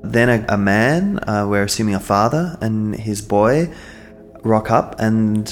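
A man's voice: fairly low pitch, faint music behind. Chatty male podcast host. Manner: animated, chatty, quick to react. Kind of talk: casual podcast chat. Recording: long hall reverb, faint noise.

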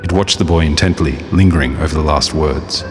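Male audiobook narrator, very low voice, scripted narration, faint music. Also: fairly quick, long reverb tail.

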